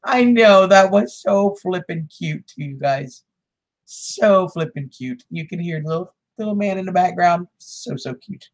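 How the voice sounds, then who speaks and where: A woman's voice: fairly low pitch, normal speed, few pauses. A woman, hosting a casual livestream, chatting with viewers, greeting them by name and laughing often. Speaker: livestream host.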